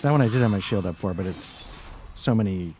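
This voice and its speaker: A man's voice: lowish voice, expressive, brisk, darkish tone, a little hiss or hum. A man giving casual gameplay commentary, thinking aloud and trailing off as he plays. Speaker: let's play gamer.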